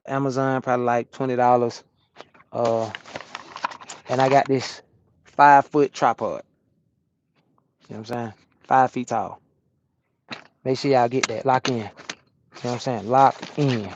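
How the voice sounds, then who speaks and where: A man who drives a truck, chatting casually with his stream chat from his cab and answering questions out loud in loose slang. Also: mid-range voice, dull audio, a little hiss or hum. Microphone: small camera-mounted microphone.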